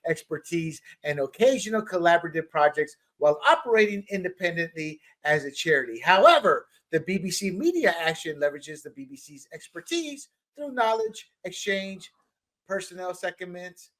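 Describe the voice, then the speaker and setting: Animated high-voiced political co-host. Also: male voice. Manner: animated, repeats words when heated. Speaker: podcast co-host. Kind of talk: political commentary chat.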